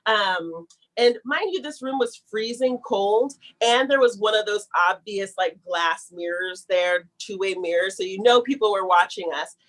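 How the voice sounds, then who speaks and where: A woman telling a long personal story in a casual, animated way, talking fast and acting out the people she quotes. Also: mid-range voice, poor audio. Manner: talks fast to get through a long story.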